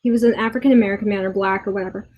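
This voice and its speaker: On a muffled recording, a woman in her twenties speaks at a medium pitch with fairly even intonation. She is a vlogger ranting in a commentary video from her boyfriend's house, exasperated, swearing often, and halting with frequent restarts.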